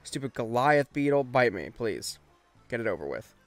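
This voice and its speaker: A man's voice: medium pitch, big pitch swings, faint music behind. Chatty young man commenting on a game. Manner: chatty, quickly frustrated, self-mocking. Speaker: let's play host. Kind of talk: casual gameplay commentary.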